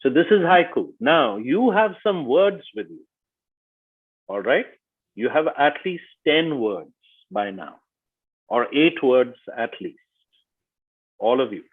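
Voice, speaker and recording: A man leading an online workshop, speaking slowly and deliberately and stressing each syllable as he reads. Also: mid-range voice, big pitch swings, husky. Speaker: workshop facilitator. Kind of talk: online teaching session. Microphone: video call. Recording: tinny video-call audio.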